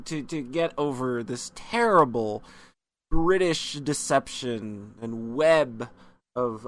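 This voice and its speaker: A man hosting a podcast, talking casually in a halting, stammering way with many repeated words. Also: mid-range voice, fairly bright tone. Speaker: podcast host.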